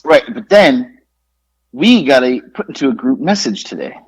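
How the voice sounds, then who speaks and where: A man co-hosting a relaxed podcast, with a somewhat husky voice that rises and falls a lot. He meanders through his stories and laughs easily. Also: medium pitch, normal speed, low-quality recording. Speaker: podcast co-host. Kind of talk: casual podcast chat.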